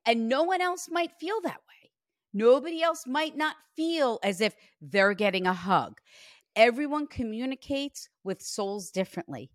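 A woman giving a spirit reading as a medium, speaking in an animated, emphatic and reassuring way. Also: mid-range voice, no room sound, clean studio sound. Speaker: psychic medium.

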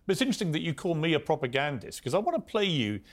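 British male TV host, forceful and indignant, rhetorical and combative. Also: fairly high pitch, big pitch swings, very fast. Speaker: TV talk show host. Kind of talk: opinionated monologue and interview.

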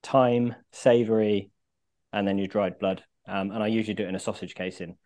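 A man's voice: fairly low pitch, steady tone, fairly quick, darkish tone. Man host talking while chewing. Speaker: podcast host. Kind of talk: casual podcast interview.

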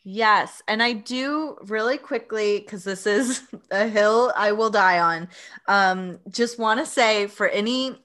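A woman's voice: mid-range voice, takes it slowly, fairly bright tone. A woman with an ordinary, mid-range voice hosts a casual interview. She is chatty and friendly, with small laughs and fillers.

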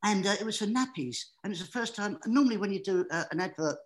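A man with a high, squeaky, distinctive voice, telling anecdotes as an excitable, animated guest. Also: fast talker, poor audio. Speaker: guest entertainer. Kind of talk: anecdotal storytelling.

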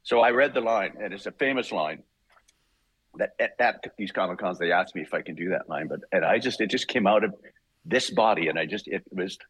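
An older man spins a long anecdote with lots of laughter and little acted-out voices. His voice is husky and fairly low, recorded close and dry. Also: brisk, no echo, poor audio. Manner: lively, laughing, acts out quotes. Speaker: guest voice actor. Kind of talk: casual anecdotal storytelling.

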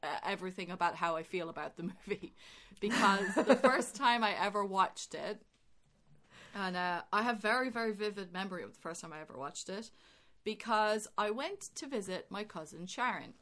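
A woman co-hosting a casual podcast chat, telling stories animatedly and swearing freely. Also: medium pitch. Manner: animated storytelling, swearing, rising into loud excitement. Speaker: podcast co-host.

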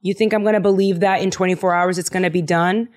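A woman's voice: on the low side, steady tone, quick pace, close to an everyday voice. A woman voicing a doubtful male royal officer who dismisses a prophecy in disbelief. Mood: scoffing. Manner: incredulous, dismissive.

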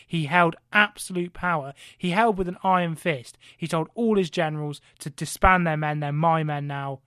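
An excitable man spinning a comic history tale on a podcast. He swears freely and keeps firing rhetorical questions, in a slightly high voice recorded dry and close to the mic. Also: moderate pace, no echo. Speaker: podcast co-host. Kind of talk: animated comic history storytelling.

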